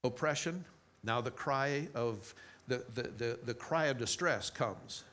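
A man's voice: mid-range voice, measured pace, a bit bright. Man reading scripture and preaching. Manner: conversational teaching with frequent restarts. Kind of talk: Bible reading and sermon.

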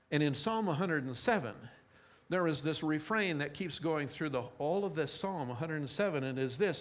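A man reading a Bible passage aloud and then teaching on it in a conversational way, often restarting his sentences. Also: mid-range voice. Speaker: preacher.

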